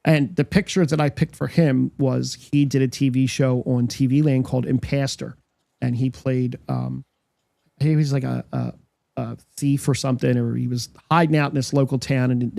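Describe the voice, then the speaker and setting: Podcast co-host, male, raspy-gravelly voice, animated anecdote teller, dry close mic. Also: mid-range voice, normal speed, no echo. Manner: storytelling, acts out quotes, frequent restarts. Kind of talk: casual chat.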